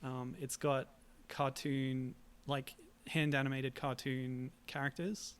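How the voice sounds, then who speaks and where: A man, co-hosting a podcast in casual chat, chatty and quick to laugh. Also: mid-range voice, little pitch movement, clean tone. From Australia. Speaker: podcast co-host.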